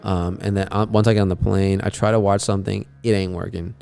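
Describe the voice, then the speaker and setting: A man's voice: fairly low pitch, level tone, brisk, gravelly, a little mellow. A young man hosting a podcast, rambling through a travel story in a laid-back, profane way, with plenty of fillers. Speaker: podcast host. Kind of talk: casual travel story chat.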